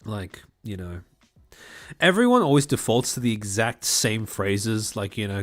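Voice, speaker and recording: A man's voice: fairly low pitch, lively intonation, measured pace. Precise Australian-born Chinese man, streaming. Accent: Australian-born Chinese, light. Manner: clearly articulated, precise presenter voice with many fillers. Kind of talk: casual live-stream chat.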